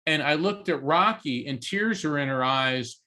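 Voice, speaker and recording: A man's voice: on the high side, animated, a little slow, bright, forceful tone. Earnest man telling a story. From East Coast Florida. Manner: earnest, acts out quoted voices in his story. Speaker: interview guest, psychic medium and author. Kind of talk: storytelling in an interview.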